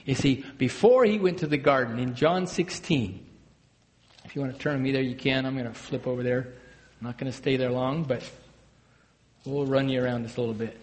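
A man preaches a sermon from the pulpit, his voice set at an ordinary middle pitch. He swings between loud, emphatic bursts and soft, hushed lines. His words carry a long reverb through a large hall. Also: fairly quick. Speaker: pastor.

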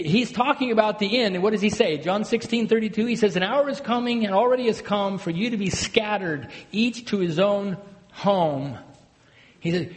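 A man preaching a sermon as a pastor, swinging between loud emphatic bursts and hushed, low phrases. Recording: long hall reverb.

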